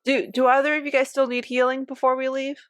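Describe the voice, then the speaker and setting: Upbeat woman gamer, middle pitch, dry close sound. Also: level tone, quick pace, smooth, dry recording. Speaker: player. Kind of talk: casual tabletop play.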